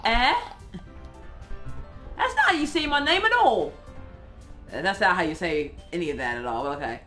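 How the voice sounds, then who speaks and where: A young woman co-hosting a casual game playthrough, reading narration aloud, often exasperated and quick to laugh. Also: lowish voice, big pitch swings, pushed and bright, faint music behind. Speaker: co-host, game reader.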